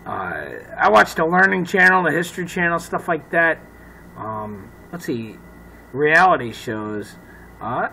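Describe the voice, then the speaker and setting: Man, comedian, loud rambling chat, swears a lot, forceful bright tone, slight background hiss. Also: fairly high pitch, poor audio. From Irish heritage. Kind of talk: casual off-the-cuff chat to camera.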